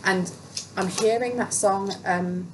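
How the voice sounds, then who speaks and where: A woman's voice: mid-range voice, slow. A woman giving a casual tarot reading, talking in a chatty, emphatic way and repeating phrases for stress. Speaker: tarot reader. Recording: steady background noise.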